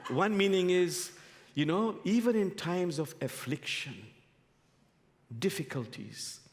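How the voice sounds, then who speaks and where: A man preaching a light-hearted sermon, playful and storytelling, his voice sitting fairly high and swinging widely. It is picked up in a sanctuary with a long reverb. He moves easily between jokes and reflection. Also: expressive, slow pace. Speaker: imam, guest speaker. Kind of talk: sermon with humorous stories. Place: spiritual center sanctuary.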